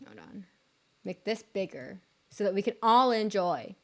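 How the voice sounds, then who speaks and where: A woman's voice: mid-range voice, lively intonation, unhurried, a bit bright. A young woman streaming live, chatting casually to her viewers in a rambling, giggly, self-deprecating way with lots of fillers.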